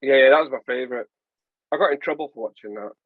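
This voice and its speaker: A man in his forties with a Northern English accent, chatting casually as a podcast host, animated and jokey. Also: mid-range voice, quick pace, dry recording, phone-quality sound. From England. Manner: animated, jokey, puts on voices. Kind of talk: casual chat.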